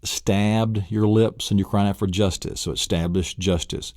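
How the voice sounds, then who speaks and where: Teaching a memory technique, this man poses questions to the listener and eagerly answers them himself in a lesson walkthrough. He speaks at normal speed in a lowish, steady, darkish voice, captured as clean studio sound without echo.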